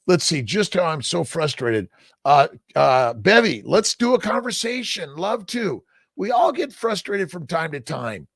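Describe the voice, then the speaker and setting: A man's voice: fairly high pitch, very animated, measured pace, gravelly, fairly bright tone, dry recording. An older man hosting a casual live-stream Q&A, reading viewer comments aloud and answering them in an upbeat, encouraging, folksy way, often tagging on "right?". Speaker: host answering viewer questions.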